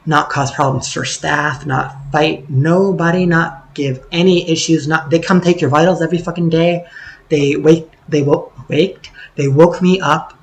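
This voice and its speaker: A man's voice: on the high side, steady tone, unhurried, poor audio. A man talking in a casual vlog monologue, sarcastic and swearing freely, rambling with plenty of fillers. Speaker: vlogger.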